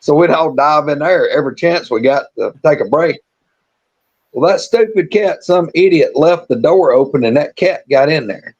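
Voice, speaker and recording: A man's voice: fairly high pitch, normal speed, a little mellow, slightly rough, lo-fi sound. A man, co-hosting a live stream and telling a rambling, folksy story with restarts and chuckles. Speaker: storytelling co-host.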